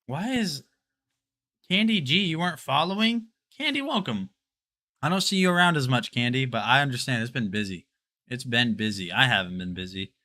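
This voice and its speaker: A young man hosts a live product showcase stream, chatting casually and excitably straight to his viewers. He speaks at a normal speed in a medium-pitched voice.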